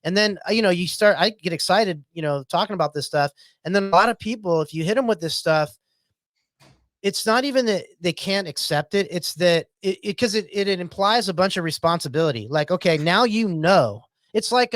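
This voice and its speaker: Male host, a touch high, excitable, rambling delivery, dry close sound. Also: brisk, dry recording. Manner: excitable, rambling, fillers like "like" and "you know". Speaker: podcast host. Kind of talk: casual chat.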